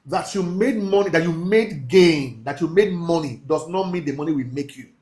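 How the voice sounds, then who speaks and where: A man teaching a mentorship class, talking in a preachy, emphatic way, slowing down to stress key phrases and laughing with his students. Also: a little high, lively intonation, a little mellow, slight background noise. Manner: laughs often, casual asides to the class. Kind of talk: live class lecture.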